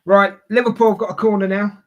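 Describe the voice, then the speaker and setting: Co-host, male, London accent, high-ish voice, casual live match banter and reading the chat. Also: little pitch movement, quick pace, a bit bright, highs cut off. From Scotland. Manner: chatty, reads out viewer messages. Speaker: co-host of a football watchalong. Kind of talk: live football watchalong chat.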